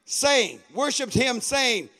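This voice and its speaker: A male pastor preaching a sermon in a rhythmic preacher's cadence that rises into shouts and sung lines, often calling out questions to the congregation. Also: very high-pitched, sing-song, slow. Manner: calls on the congregation with repeated questions.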